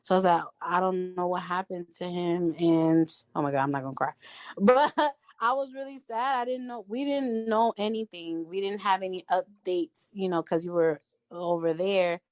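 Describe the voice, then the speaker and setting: Lively woman telling a story. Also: mid-range voice, normal speed, no echo. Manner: animated, emphatic storyteller acting out quotes. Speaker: podcast guest. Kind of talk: casual storytelling chat.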